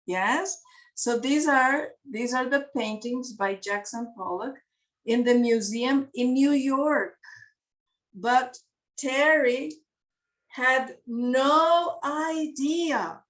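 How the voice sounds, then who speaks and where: A woman gives a slow, careful English lesson to beginners, repeating simple words and laughing between them. Her voice sits fairly high and is picked up from a little distance. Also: a bit bright. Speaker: English teacher. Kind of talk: slow classroom explanation to beginners.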